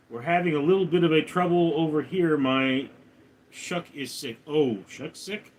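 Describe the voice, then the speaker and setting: Man reading chat aloud on a stream. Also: normal speed. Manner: reads viewer names and questions aloud, then answers in a low mutter. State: recovering from a hospital stay. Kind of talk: casual live stream chat.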